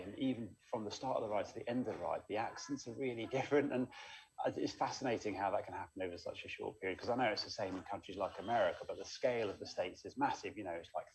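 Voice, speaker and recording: A man, a long-distance cyclist, chatting upbeat and quickly in a casual interview over a phone call. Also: deep voice, a little hiss or hum.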